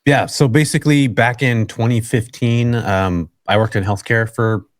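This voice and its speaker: A man from California, a guest on an interview show, telling a long story in a relaxed, chatty way and often saying "man" and "like". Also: medium pitch, moderate pace, no echo, studio quality. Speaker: guest, real estate investor.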